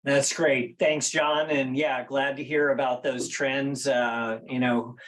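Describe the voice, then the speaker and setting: A man hosting an industry webinar, earnest and a little halting as he thanks people over a video call. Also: mid-range voice, flat delivery, low-quality recording. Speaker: webinar host.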